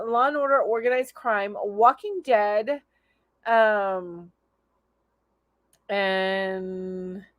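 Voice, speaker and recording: A woman's voice: a little high, no room sound. Bubbly woman hosting a live chat. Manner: chatty and enthusiastic, laughs often. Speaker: host of a live crochet chat show. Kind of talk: casual live-stream chat, reading viewer comments aloud.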